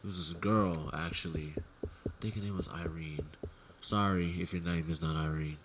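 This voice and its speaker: Deep-voiced laid-back man telling stories. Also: steady tone, normal speed, background noise. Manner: laid-back, profane storytelling with slang. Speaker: podcast co-host. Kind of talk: casual chat, storytelling.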